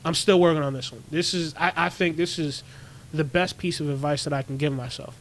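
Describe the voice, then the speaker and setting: A man co-hosting a podcast in casual chat, talking in an animated, self-mocking, profane way. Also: a little high, brisk, a little hiss or hum. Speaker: podcast co-host.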